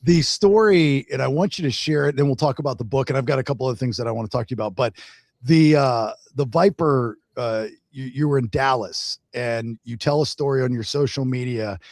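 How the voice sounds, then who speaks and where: A man's voice: mid-range voice, fairly quick, darkish tone, dry recording, clean studio sound. A man hosting a podcast who introduces his guest and asks loose, rambling questions. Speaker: podcast host. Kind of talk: casual interview chat.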